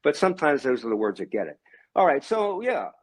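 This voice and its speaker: Animated, emphatic older man. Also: a little fast, slightly rough. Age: 70s. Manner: emphatic, ranting, swinging pitch and loudness. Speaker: guest, religious brother. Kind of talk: heated conversational monologue.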